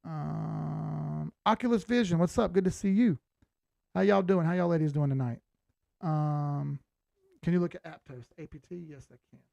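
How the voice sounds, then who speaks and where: Gravelly male streamer, blunt and profane, reading chat live, dry close sound. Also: on the high side, moderate pace, dark tone, dry recording, muffled recording. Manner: blunt, swears freely, laughs often. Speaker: crypto chart analyst hosting a live stream.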